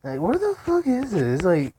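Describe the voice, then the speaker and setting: A man's voice: extremely high pitch, huge pitch swings, moderate pace, mellow. A man hosting a gaming channel, giving casual, profane gameplay commentary and rambling to himself as he hunts through menus. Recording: heavy background noise.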